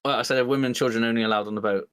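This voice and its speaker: A man co-hosting a podcast, telling an animated story and acting out both sides of an argument with his partner. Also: mid-range voice, very fast, a crowd in the background. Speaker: podcast co-host. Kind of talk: casual chat.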